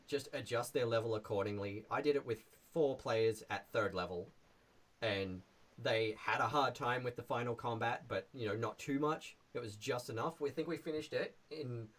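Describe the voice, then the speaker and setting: A man casually presenting his tabletop adventure on a live stream in a relaxed, rambling way. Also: medium pitch.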